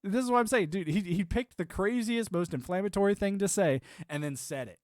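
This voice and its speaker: A man's voice: high-pitched, fairly quick, dry recording, studio quality. A man in his thirties chatting casually on a live stream, rambling and laughing often.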